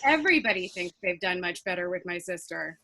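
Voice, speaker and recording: A young woman performing a stand-up comedy set with punchy, deadpan delivery, laughing at her own jokes. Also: lowish voice, fairly quick, a little hiss or hum, poor audio.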